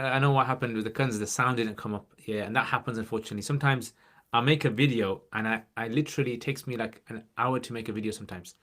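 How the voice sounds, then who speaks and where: A chatty man in his forties hosts a relaxed livestream, joking with viewers and answering their questions. His voice sits at an ordinary middle pitch, and he has a slight chesty cough. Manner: chatty and joking, scattering in religious Arabic phrases. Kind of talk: casual livestream chat.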